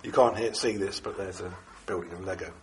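A man with a congested, bunged-up voice from a cold, giving a Buddhist dharma talk to a group in a halting way with many fillers and restarts. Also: sits low, a little hiss or hum. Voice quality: bunged up, nasal. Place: echoey room with a small audience. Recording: echoey room recording.

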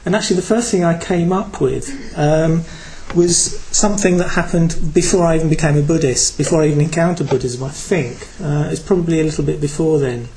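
A man's voice: on the high side, fairly even intonation, fairly quick, creaky, few pauses, warm tone, low-quality recording. A man from Britain giving a Buddhist talk to a group, reflective and hesitant, with many fillers. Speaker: Buddhist teacher.

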